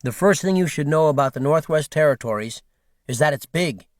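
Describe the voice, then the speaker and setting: A man's voice: a little high, animated, a little fast, no room sound, clean studio sound, natural voice. A man voicing a cheerful young bush pilot in his twenties, friendly and boastful, in an audiobook. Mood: proud. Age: 20s.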